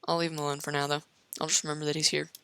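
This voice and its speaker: A young American YouTuber rambles casually while playing a game, her low voice racing along with little pitch movement, fairly bright and clean on a dry recording. She meanders with many fillers and restarts, and she is losing her voice, which sounds increasingly worn.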